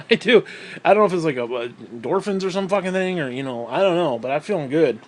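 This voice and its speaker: A high-voiced man rants into the camera, short of breath, swearing constantly as he vents bitterly. His pitch sits well above most men's. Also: lively intonation, fairly quick. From New York State. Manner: profane, bitter ranting. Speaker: vlogger. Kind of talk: ranting vlog monologue.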